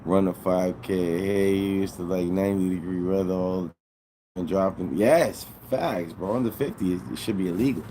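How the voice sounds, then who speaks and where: A man's voice: low voice, moderate pace, dark tone, a little hiss or hum, poor audio. A man livestreaming to his viewers, rambling in an aggrieved way and swearing a lot. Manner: aggrieved, rambling and heavily profane. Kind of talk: casual livestream chatter to viewers.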